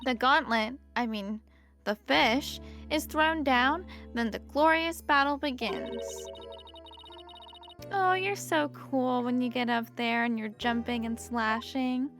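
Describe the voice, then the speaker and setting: A woman plays a high-voiced, excitable young female lawyer in a game fan dub. She talks in an eager, gushing way. Faint music plays behind her. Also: slow pace, heavily acted.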